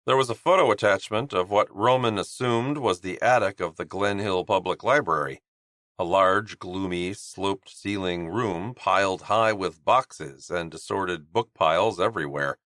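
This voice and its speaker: A man narrating an audiobook in a steady, even storytelling manner on a close studio mic. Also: low-pitched, moderate pace, no room sound. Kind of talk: scripted narration.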